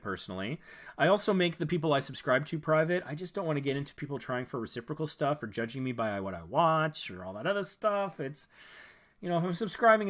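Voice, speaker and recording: A man at medium pitch hosts an informal live stream where he checks out viewers' channels. Thinking aloud, he meanders with fillers and restarts and gives friendly feedback.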